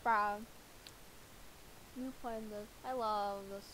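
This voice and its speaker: Bright, jokey woman playing a game. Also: medium pitch, takes it slowly, a little hiss or hum, rough recording. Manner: jokey, excitable reactions. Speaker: gamer. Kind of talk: casual gameplay commentary.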